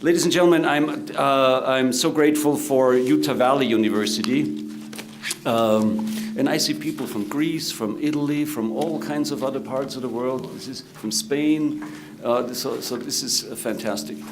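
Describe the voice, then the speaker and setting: A middle-aged man with an Austrian German accent who moderates a conference panel, introducing guests formally and pausing often with "uh". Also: medium pitch, over music. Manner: halting, many "uh" fillers. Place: conference room.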